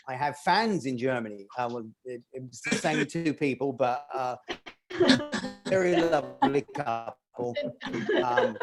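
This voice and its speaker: Man, stand-up comedian, slightly high voice, rambling, self-deprecating, laughing at own jokes.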